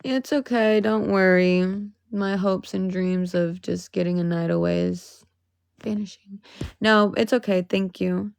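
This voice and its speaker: A young woman talking to her viewers on a livestream. She is emotional and swears freely, and her voice rises into exasperated outbursts. Her voice sits at a middle pitch and sounds dry and close. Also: fairly even intonation, measured pace, gravelly, clear, resonant tone, no room sound. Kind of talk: casual livestream chat.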